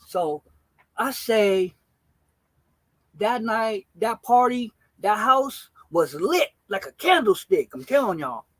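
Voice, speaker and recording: A man in his forties with a high-set voice tells a rambling story to his live-stream chat. He talks in a loose, slangy way and swears freely. The sound is dry and close, with no room around him. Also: animated, slow pace, fairly bright tone, no room sound, rough recording. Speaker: gaming streamer.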